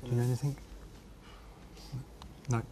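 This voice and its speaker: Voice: mid-range voice, little pitch movement, normal speed, dark tone. A quiz contestant giving brief, matter-of-fact answers.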